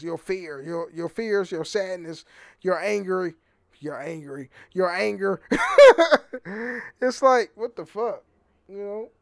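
Podcast host, young American man with a high voice, rambling and profane, dry close sound. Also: vocal fry, no room sound. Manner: rambling, profane, repeats words when restarting. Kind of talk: casual solo podcast monologue.

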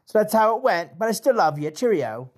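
A man's voice: sits high, sing-song, fairly quick, husky, full character voice. A man voicing a crude, brash British cousin leaving a cheeky, swearing voice message in a put-on English accent. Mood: cheeky taunting. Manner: brash, swearing, mock-threatening. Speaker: caller.

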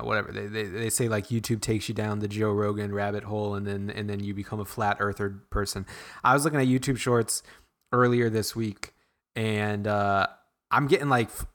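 A man's voice: on the low side, a bit bright. A man co-hosting a podcast, rambling in casual chat, restarting sentences often. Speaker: podcast co-host.

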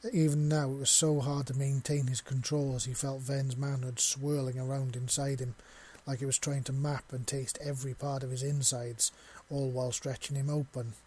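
A man narrating a written story in an audio reading with a steady, even delivery and a husky voice. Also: mid-range voice, moderate pace, few pauses, slight background noise.

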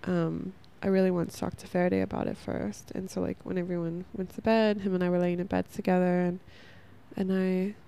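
Gravelly, mellow-voiced woman hosting a podcast. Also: on the low side, little pitch movement, a little fast. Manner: rambling, earnest, laughs at herself, lots of "like". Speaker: podcast host. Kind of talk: casual spiritual self-help podcast.

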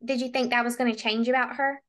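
A woman's voice: fairly high pitch, flat delivery, fast, fairly bright tone. A woman co-hosting a book podcast, talking casually and with strong opinions, often saying "like". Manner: opinionated, frequent "like" fillers. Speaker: podcast co-host.

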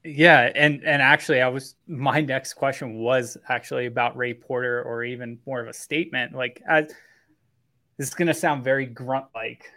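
A man's voice: medium pitch, little pitch movement, normal speed, sharp tone. Man rambling with lots of "like". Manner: groping for words with many likes. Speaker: podcast co-host. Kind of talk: casual podcast chat.

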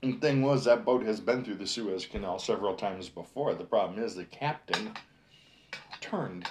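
Halting laid-back podcast co-host. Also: medium pitch, a little hiss or hum. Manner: halting, many fillers and restarts, laughs easily. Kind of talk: casual chat.

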